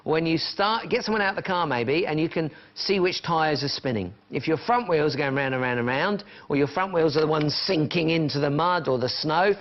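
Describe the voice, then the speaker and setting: A man's voice: fairly high pitch, a little fast, hardly any pauses, lo-fi sound. A man presenting live on a shopping channel, chatting and counting down falling prices. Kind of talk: live TV sales pitch. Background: music.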